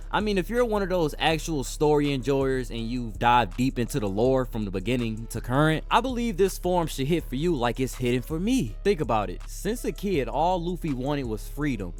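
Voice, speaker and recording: A young man hosting an anime commentary channel, narrating a scripted video essay in a casual, enthusiastic way with slangy asides. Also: on the high side.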